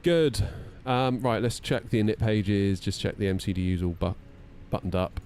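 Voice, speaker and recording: A man's voice: on the low side, normal speed, darkish tone, slight background noise. A man, chatting and joking with viewers while running through checklists on a live stream from a home setup. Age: 30s. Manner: chatty, jokey banter with viewers, self-mocking. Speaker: flight sim streamer. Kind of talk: live-stream chat while flying a simulator. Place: home simulator room.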